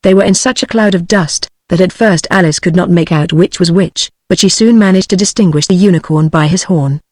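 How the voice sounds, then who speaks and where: A text-to-speech voice narrating a storybook audiobook, with a flat synthetic delivery. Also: mid-range voice, fairly quick, dry recording.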